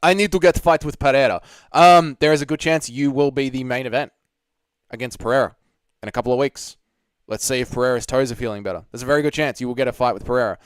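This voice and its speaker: A man's voice: mid-range voice, fast, clear, resonant tone, no room sound. A young man hosting a casual live stream, chatting and reading out viewer comments with plenty of swearing. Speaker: livestream host.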